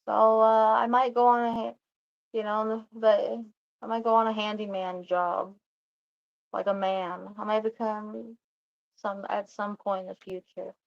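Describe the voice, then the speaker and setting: In a muffled recording, a woman vlogger with a gravelly, mid-range voice and little pitch movement rambles through a casual story. She restarts often and quotes others in brief asides.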